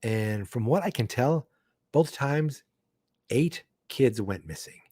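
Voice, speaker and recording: A man's voice: medium pitch, lively intonation, slow, darkish tone, no room sound. Chatty male podcast host, dry sound. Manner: reads aloud with chatty running asides. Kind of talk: live book-club comic reading.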